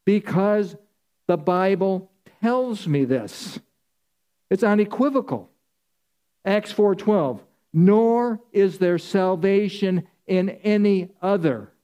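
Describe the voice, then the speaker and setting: A man's voice: sits high, dark tone. A man preaching a sermon, emphatic and insistent, with repeated phrases, often calling his listeners folks.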